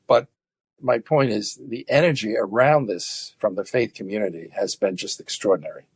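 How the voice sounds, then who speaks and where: A low, gravelly man's voice. He talks earnestly in an interview, pausing on fillers and restarting his sentences. The sound is dry and close. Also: no echo. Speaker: guest activist. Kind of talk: conversational interview.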